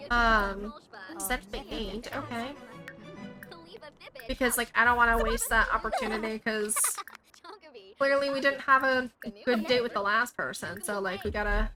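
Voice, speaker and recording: A woman's voice: fairly high pitch, steady tone, measured pace, pauses often. A young woman casually commenting on a life-simulation game as its host, chatty and rambling, with game music playing. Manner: chatty, rambling, says "like" a lot. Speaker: gaming channel host. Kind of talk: casual let's play commentary.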